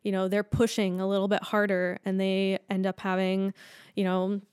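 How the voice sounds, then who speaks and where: A woman's voice: medium pitch, monotone, normal speed, darkish tone, smooth, no room sound, clean studio sound. A woman speech pathologist explaining her work in a chatty interview, filling with "like" and "um" and laughing easily. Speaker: speech language pathologist guest. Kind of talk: casual explanatory interview talk.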